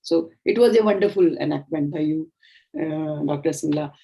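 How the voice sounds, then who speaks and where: A middle-aged woman with an Indian English accent, giving a training lecture in a measured, explanatory way. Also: low-pitched, vocal fry, mellow. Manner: explanatory, measured, acts out sample dialogues. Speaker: communication trainer.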